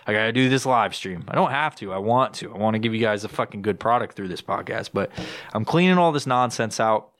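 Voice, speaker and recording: A man's voice: fairly quick, dry recording, studio quality. A young man hosting his own podcast, ranting casually with constant swearing and rambling restarts, recorded on a home podcast mic. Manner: jumps into high excited voice when quoting himself. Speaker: podcast host. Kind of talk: casual solo podcast rant. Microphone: podcast microphone with headphones.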